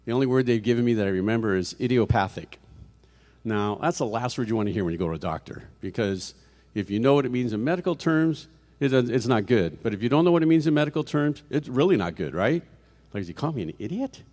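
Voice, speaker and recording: A middle-aged man, visiting as a guest preacher, delivers a conversational sermon in a church sanctuary. His mid-range, darkish voice is animated and fast, and he keeps restarting and firing rhetorical questions at the congregation.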